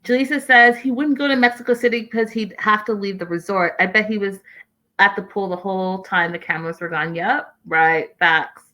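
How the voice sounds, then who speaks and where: Bright-voiced woman hosting a casual recap. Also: mid-range voice, normal speed, low-quality recording. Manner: animated, opinionated, talks straight to viewers. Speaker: host. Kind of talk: casual recap commentary reading viewer comments.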